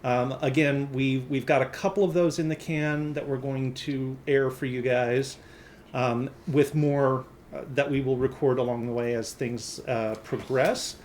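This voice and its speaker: A man's voice: medium pitch, fairly even intonation, a little slow, a little mellow, slight background noise. A man hosting a tabletop game stream, giving loose, rambling announcements full of fillers and restarts. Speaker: game master and host.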